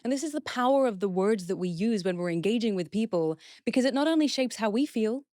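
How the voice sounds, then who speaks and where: A woman's voice: medium pitch, animated, fast talker, warm tone, no echo. Woman, guest expert, podcast interview, earnest explaining, dry close sound. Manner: earnest, explanatory, acts out example phrases.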